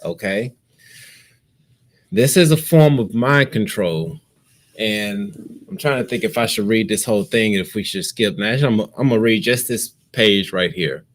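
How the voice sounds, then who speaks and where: A man co-hosting a casual talk show, reading passages aloud in a measured way and commenting on them. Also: lowish voice. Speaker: podcast co-host.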